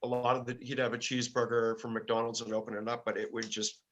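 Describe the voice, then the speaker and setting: An older man, a guest musician, telling stories in a casual interview, halting and full of fillers and restarts. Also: mid-range voice, level tone, a bit bright, dull audio.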